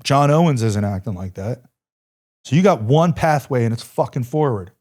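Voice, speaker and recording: A middle-aged former Army Ranger, guesting on a podcast, tells a war story with intense, emphatic delivery, repeating phrases and swearing bluntly and freely. His medium-pitched voice has a darkish tone, lively intonation and a normal speed.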